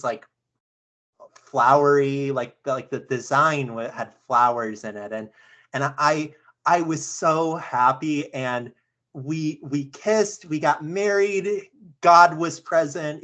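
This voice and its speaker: A young woman earnestly retelling a dream on a video call, halting, with many fillers and restarts. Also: very deep voice, a bit bright. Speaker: session participant.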